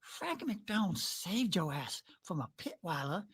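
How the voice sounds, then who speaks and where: A woman's voice: lowish voice, very animated, measured pace, husky, heavily acted. A woman doing a foul-mouthed, hot-tempered tough guy. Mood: aggrieved rant. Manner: threatening, profane, ranting. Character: foul-mouthed, hot-tempered man who speaks of himself in the third person.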